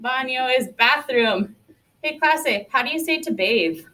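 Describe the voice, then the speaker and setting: A woman's voice: high-pitched, lively intonation, unhurried, bright, forceful tone. A woman teaching a Spanish class, upbeat, quizzing students and sprinkling Spanish words into her talk.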